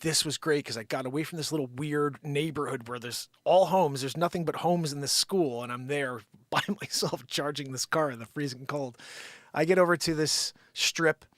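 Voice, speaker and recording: A man hosts a live unscripted show and tells a long story in an animated, excitable rant. His voice sits a little high for a man. The sound is close and dry, with no room echo. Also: moderate pace. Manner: animated, excitable, swearing-adjacent rants.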